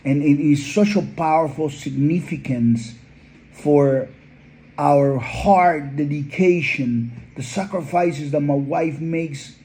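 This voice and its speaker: A man's voice: on the high side, takes it slowly, warm tone, rough recording. A man, a dog breeder, telling heartfelt stories in an earnest, conversational interview. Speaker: pit bull breeder.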